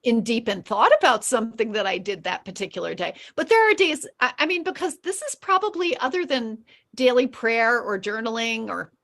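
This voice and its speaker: A woman on a video call from home, chatting casually and telling lively stories about a group program, acting out what people say. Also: fairly high pitch, brisk. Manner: animated storyteller acting out quotes. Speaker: program member.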